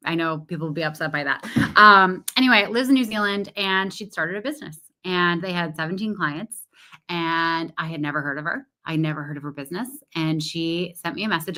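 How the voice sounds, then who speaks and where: A woman's voice: fairly low pitch, pushed and bright. A woman business coach talking candidly and animatedly to her listeners, correcting herself and laughing as she goes. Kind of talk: casual solo podcast talk.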